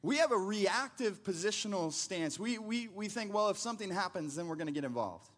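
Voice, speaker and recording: High-voiced conversational pastor preaching. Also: male voice, animated, fairly quick, fairly bright tone. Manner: conversational storytelling with frequent restarts. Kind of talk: sermon.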